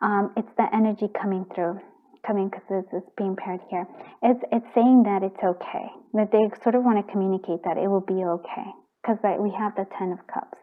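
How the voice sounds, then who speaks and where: A woman reading tarot cards for viewers in a casual, rambling, gentle way, full of fillers and restarts, choked up with emotion. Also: mid-range voice, steady tone, fairly quick. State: tearing up. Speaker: tarot reader. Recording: tinny phone-like audio.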